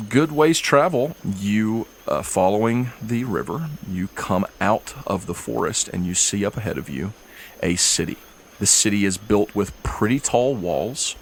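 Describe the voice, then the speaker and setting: Male game master, low voice, casual narrator, slight background hiss. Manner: relaxed, easygoing narration with fillers.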